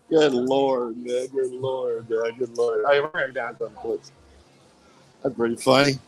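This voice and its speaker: A man's voice: medium pitch, little pitch movement, takes it slowly, rough recording. Rambling, mocking male streamer. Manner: repetitive, mocking, swearing. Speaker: live streamer. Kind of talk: rambling live-stream chat. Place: outdoor city street.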